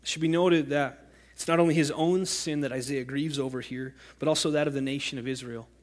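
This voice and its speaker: A man's voice: fairly high pitch, steady tone, fairly quick. A man preaching a sermon as pastor, earnest and rising to impassioned cries when he quotes scripture.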